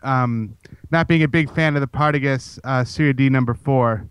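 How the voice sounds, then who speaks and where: A man guesting on a podcast, chatting easygoingly with halting "um"s. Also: medium pitch, clean tone, dry recording. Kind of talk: casual guest chat.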